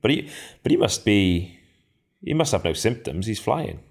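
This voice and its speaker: Deep guy, teasing banter, low easygoing voice. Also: big pitch swings, moderate pace, creaky, slightly rough. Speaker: podcast co-host. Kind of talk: casual chat.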